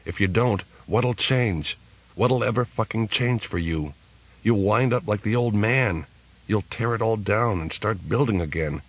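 A man's voice: fairly low pitch, unhurried, slightly rough, rough recording. A man voicing a tense, angry young male hacker, blunt and profane, in an audiobook. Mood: desperate. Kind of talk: audiobook character reading.

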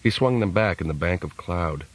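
A man narrating an audiobook in a steady, measured way. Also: sits low, low-quality recording. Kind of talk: scripted narration.

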